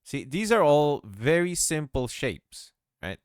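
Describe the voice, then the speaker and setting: A man's voice: fairly high pitch, sing-song, takes it slowly, no echo, clean studio sound. A man hosting a casual screen-recorded game-making tutorial, thinking aloud and poking fun at himself as he works. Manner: self-mocking, thinks aloud, laughs at himself. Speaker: game dev tutorial host.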